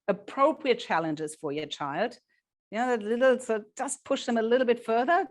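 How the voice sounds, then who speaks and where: Brief: woman workshop speaker, mid-pitched, animated, acts out short quotes to parents. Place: children's centre meeting room.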